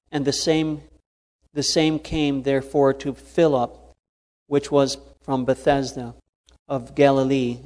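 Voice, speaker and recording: A man's voice: mid-range voice, a little mellow. A man preaching a sermon, earnest and fond of repeated emphasis. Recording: long hall reverb.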